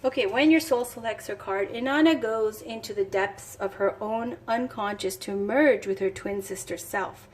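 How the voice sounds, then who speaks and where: A woman's voice: medium pitch, normal speed, few pauses. A woman giving a casual tarot reading, reading card passages aloud and chatting enthusiastically as she thinks aloud. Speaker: tarot reader.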